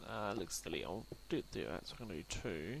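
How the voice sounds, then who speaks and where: A man's voice: sits low, sing-song, fast talker, gravelly. A young Australian man giving a chatty, rambling commentary while he plays a game, talking to the pets in it as he builds. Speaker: gaming channel host. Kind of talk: let's play commentary. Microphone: desk mic that picks up the room. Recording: noisy home recording.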